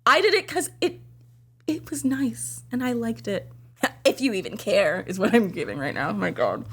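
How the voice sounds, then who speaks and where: A young woman giving casual director's commentary on her own video, gushing and excitable, swearing often and jumping up into squealing highs when she gets passionate. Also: moderate pace, slightly rough.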